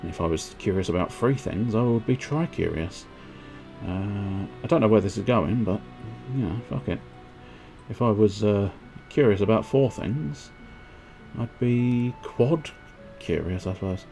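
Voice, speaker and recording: A man chatting to himself while streaming a video game, in rambling, quiet, self-amused asides. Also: on the low side, a little slow, vocal fry, faint music behind. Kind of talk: casual game commentary.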